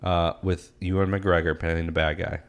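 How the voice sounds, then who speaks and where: Male podcast co-host, low voice, deadpan and casual. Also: moderate pace, smooth. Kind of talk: casual chat.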